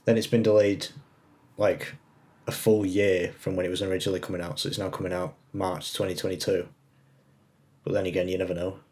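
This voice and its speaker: A young man co-hosting a casual podcast over a remote recording, chatting like a film buff and pausing often on "uh". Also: sits low, little pitch movement, darkish tone. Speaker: podcast co-host. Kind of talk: casual chat. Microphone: remote call recording.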